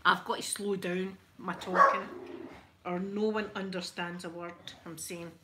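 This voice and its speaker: A woman's voice: on the low side, little pitch movement, unhurried, noisy background. A middle-aged Scottish woman chatting casually on a livestream while she irons, telling stories and laughing often. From Scotland. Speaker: ASMR livestream host.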